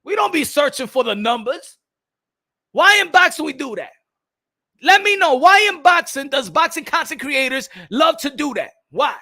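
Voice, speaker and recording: A boxing host on a live stream with a very high, bright and forceful voice. He rants in an animated, profane way, stumbling into restarts and firing off rhetorical questions. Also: normal speed. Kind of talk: live-streamed ranting commentary.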